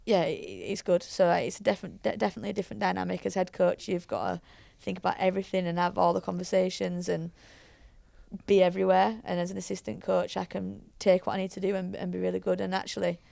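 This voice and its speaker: A woman's voice: fairly low pitch, little pitch movement, quick pace, gravelly, mellow, no echo. A woman, a head coach chatting as a guest, telling stories with many fillers and restarts. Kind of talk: casual interview chat.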